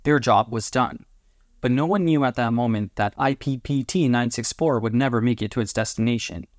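A man's voice: medium pitch, dry recording, clean studio sound. Man narrating a homemade audiobook. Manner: deliberate, announces each chapter.

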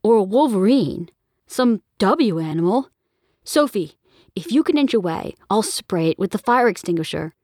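A woman's voice: mid-range voice, moderate pace, no room sound, studio quality, close to an everyday voice. A woman voicing a nervous father who keeps his tone light and casual in an audiobook. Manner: light, casual, falsely calm. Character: nervous, joking adult father. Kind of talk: audiobook character voice.

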